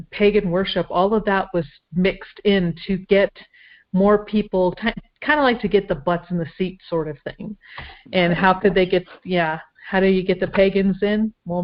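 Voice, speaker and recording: Low-voiced woman, dull lo-fi sound. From Minnesota, USA. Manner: rambling, hesitant, many fillers. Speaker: guest. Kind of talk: casual conversation. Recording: dull lo-fi audio.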